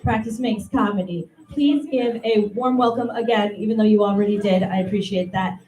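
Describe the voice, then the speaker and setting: A woman hosting an open mic and telling a stand-up story, wry and unhurried with pauses. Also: mid-range voice, darkish tone. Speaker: open mic host and comic. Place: small live comedy venue. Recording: roomy live room, distant mic, audience noise. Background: audience laughter and room ambience.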